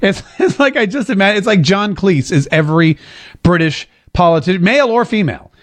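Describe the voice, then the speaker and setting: A man's voice: high-pitched, animated, brisk. A man hosting a political podcast, delivering an opinionated monologue and repeating phrases for emphasis. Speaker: political commentary host. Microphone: seated at a desk mic.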